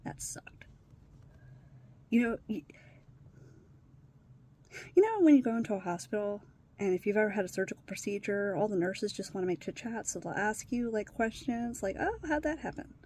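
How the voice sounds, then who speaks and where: In a confessional vlog, a stepmother with a mid-range voice and lively intonation speaks at normal speed, pausing often. She's emotional, shifting between hushed whispers and raised, strained outbursts.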